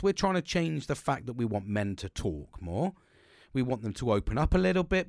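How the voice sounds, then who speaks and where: A man's voice: mid-range voice, no echo, clean studio sound. Sweary man venting. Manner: frank, sweary, rambling with restarts. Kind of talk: casual monologue.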